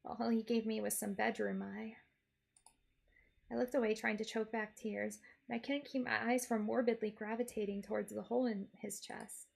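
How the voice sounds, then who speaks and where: A woman streamer tells a game's story in the first person, wry and playful. Her voice sits a little high with a gravelly fry running through it. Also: flat delivery, normal speed, a little mellow. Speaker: VTuber game streamer. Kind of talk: in-character comedic game narration.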